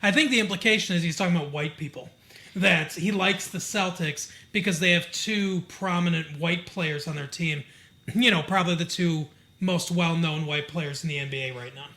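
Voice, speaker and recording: A man's voice: on the high side, normal speed, bright, forceful tone. A man from Michigan co-hosting a podcast, recapping a TV episode in a chatty, digressive way with lots of fillers. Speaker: podcast co-host. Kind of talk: casual chat recapping a TV episode.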